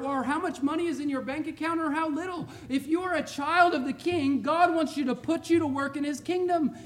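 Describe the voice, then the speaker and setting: High-pitched guy preaching a sermon, really fired up, goes loud then soft, chuckles here and there. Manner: fervent preaching, swings from loud to quiet. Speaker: pastor.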